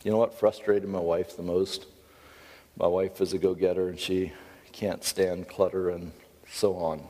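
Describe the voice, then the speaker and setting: Deep-voiced, middle-aged male seminar teacher; emphatic and earnest, with a long hall echo. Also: little pitch movement, unhurried, warm tone. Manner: emphatic, earnest, with self-deprecating asides. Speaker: seminar speaker and counselor.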